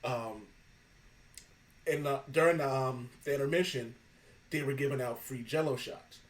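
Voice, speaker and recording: A man's voice: mid-range voice, moderate pace, far from the mic, rough recording. Off-mic man telling stories, loose and profane. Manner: animated storyteller, swears freely, laughs a lot. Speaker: podcast host. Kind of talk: casual chat.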